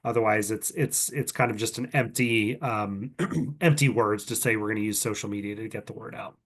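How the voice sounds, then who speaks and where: A man organizing a business pitch competition, walking entrants through presentation slides in a casual, conversational way full of ums and restarts, recorded over a video call. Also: normal speed. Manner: casual, filler-heavy, conversational explaining with frequent ums. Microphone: computer mic on a video call.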